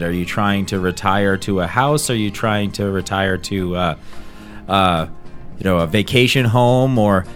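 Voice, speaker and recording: A man improvising a washed-up male hair metal rocker turned financial planner, rambling through a sales patter with sudden shrieked yells. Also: on the low side, close to an everyday voice. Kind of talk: improvised comedy sketch.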